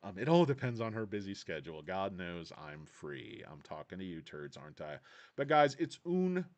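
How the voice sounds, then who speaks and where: A man's voice: low voice, sing-song, normal speed. A man hosting a casual stock video, rambling in a jokey, self-mocking, sarcastic way. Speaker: stock vlog host.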